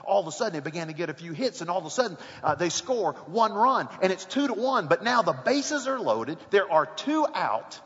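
High-voiced man preaching in a hall. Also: brisk, hardly any pauses, highs cut off. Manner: storytelling, building to excited shouts. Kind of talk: sermon.

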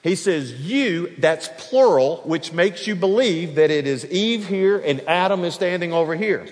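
A man preaching an expository sermon, acting out dialogue and swinging between loud and soft. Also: high-pitched, unhurried. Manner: animated, acts out dialogue, varies loudness. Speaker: pastor. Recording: long hall reverb.

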